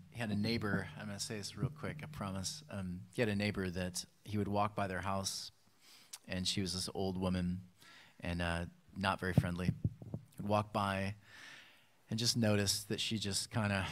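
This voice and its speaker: A man preaching a sermon, telling a story and acting out its voices with lively bursts. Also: low voice. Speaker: pastor.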